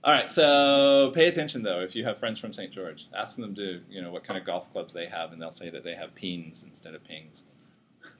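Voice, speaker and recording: A man's voice: low voice, normal speed, fairly bright tone, a little hiss or hum. A man teaching a psychology class, lecturing casually and joking with his students. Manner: casual, joking, self-deprecating.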